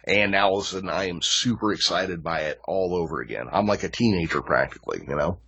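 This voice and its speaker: Brief: man, low husky voice, blunt laid-back podcast co-host. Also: animated, quick pace, bright, forceful tone, muffled recording. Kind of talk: casual chat.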